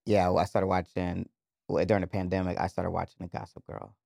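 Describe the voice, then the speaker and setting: Man, podcast co-host, low voice, dry close sound, slangy and laughing. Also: level tone, fairly quick, gravelly, darkish tone, no echo. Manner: loose, slangy, laughs often. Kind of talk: casual chat.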